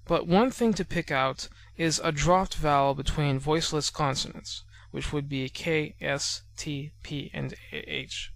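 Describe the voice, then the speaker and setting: A man teaches a beginners' language lesson in a measured, explanatory way. His voice sits a little higher than most men's. He drops into a slow, deliberate pace whenever he sounds out an example word. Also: vocal fry, fairly bright tone. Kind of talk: explanatory lesson narration over slides.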